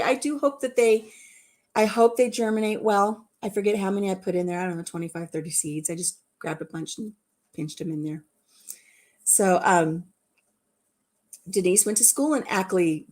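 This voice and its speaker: A woman in her fifties hosting a live chat and telling stories in a warm, chatty way, laughing at herself. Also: medium pitch. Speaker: host.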